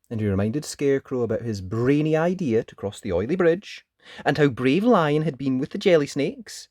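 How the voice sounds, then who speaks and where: Expressive male storybook narrator. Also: on the high side, dry recording, clean studio sound. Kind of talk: children's storybook read-aloud.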